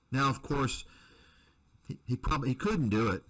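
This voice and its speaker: A man's voice: mid-range voice, lively intonation, moderate pace, long pauses, a bit bright, poor audio. A man, an investment commentator, delivering a combative, repetitive rant to his viewers. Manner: combative, repetitive, name-calling.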